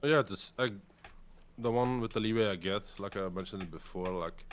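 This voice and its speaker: A man's voice: lowish voice, moderate pace, slight background noise. A man from Europe talking as a guest in a casual chat, blunt and wry.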